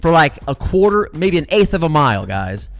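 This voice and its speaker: A middle-aged man, a comedian host, telling a long story in a casual, animated and profane way. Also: a little high, normal speed, faint music behind.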